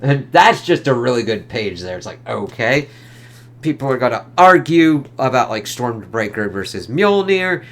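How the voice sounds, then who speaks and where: Excitable, foul-mouthed young man reviewing comics. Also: lowish voice, slight background noise. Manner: excitable, swears freely, rambling. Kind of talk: casual review reading panels aloud.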